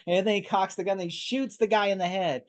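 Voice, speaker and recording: A man co-hosting a casual movie talk, excitedly retelling scenes in a rambling way. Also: high voice, quick pace. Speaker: podcast co-host.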